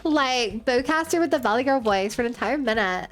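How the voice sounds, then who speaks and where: Streamer woman playing a slangy, gushing valley girl, fairly high voice, faint music under it. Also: expressive, a bit bright. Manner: filler-heavy slang, drawn-out phrases.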